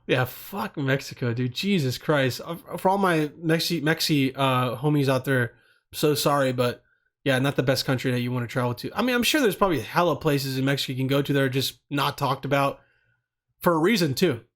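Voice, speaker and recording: A man's voice: mid-range voice, a little fast. A young man hosting a podcast on his own, rambling in loose, profane casual talk full of slang. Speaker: podcast host.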